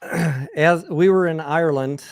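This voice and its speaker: A man's voice: fairly high pitch, unhurried, no echo, studio quality. A man with an American accent hosting a livestream, telling crude, rambling personal anecdotes in a candid, casual way with frequent restarts. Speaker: host.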